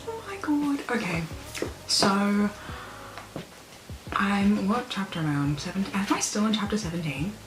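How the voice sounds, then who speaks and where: A woman's voice: medium pitch, lively intonation, unhurried, long pauses, roomy sound, music in the background, low-quality recording. A young woman chatting in a casual reading vlog, gushing and rambling with lots of fillers as she talks from her bedroom. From Australia. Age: young adult. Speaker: book vlogger.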